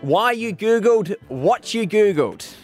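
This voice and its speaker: A man's voice: high-pitched, lively intonation, slow, faint music behind. A man co-hosting a comedy radio show, teasing his partner in playful banter. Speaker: radio co-host.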